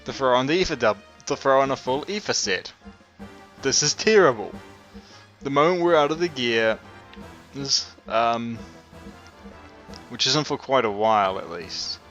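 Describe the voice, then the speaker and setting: A man's voice: medium pitch, expressive, unhurried, pauses often, a bit bright. A man giving casual, rambling, wry commentary over a video game playthrough. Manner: rambling, wry, chuckling to himself. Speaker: let's play host. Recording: dull lo-fi sound with game music.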